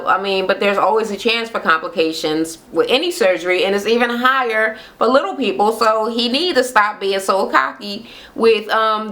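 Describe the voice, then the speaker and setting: A reality TV recap host, a woman with a medium-pitched voice, rants casually to the camera through its built-in mic. She's animated and profane, acting out quotes in different voices as she recaps.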